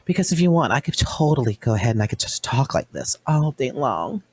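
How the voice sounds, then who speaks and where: A man putting on a flirty woman's voice in falsetto, coy and teasing, as a joke on stream. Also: sing-song, fairly quick, a little hiss or hum, close to an everyday voice.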